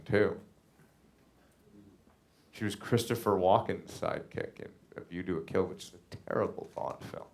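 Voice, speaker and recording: Rambling, low-voiced man teaching production. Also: moderate pace, gravelly. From Canada. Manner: rambling, jokey, talks to the audio as he edits. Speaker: music production instructor. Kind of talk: live studio master class.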